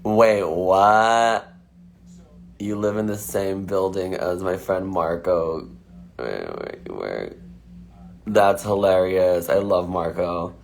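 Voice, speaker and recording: A man's voice: low-pitched, level tone, slow, slight background noise. A man chatting casually on a phone livestream, answering fan questions with lots of fillers. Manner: chatty, filler-heavy, frequent "like".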